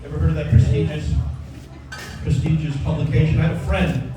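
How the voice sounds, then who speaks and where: Older comic, far off in an echoey club. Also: male voice, on the high side, steady tone, fairly quick, heavy background noise. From Long Island. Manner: wisecracking, rambling, banters with audience. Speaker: stand-up comedian. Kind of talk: stand-up comedy set. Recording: roomy club sound from a distance, with music.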